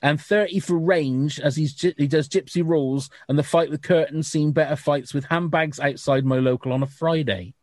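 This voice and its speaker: A man's voice: on the high side, fairly even intonation, a little mellow, no echo, studio quality. A man hosting a casual podcast chat, joking and reading out listener scores. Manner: jokey, reads listener scores briskly. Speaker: podcast host.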